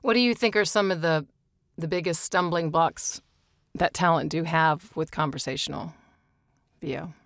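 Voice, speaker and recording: A woman's voice: deep voice, normal speed, vocal fry, fairly bright tone, no room sound, studio quality. A woman hosting a podcast interview, asking curious questions.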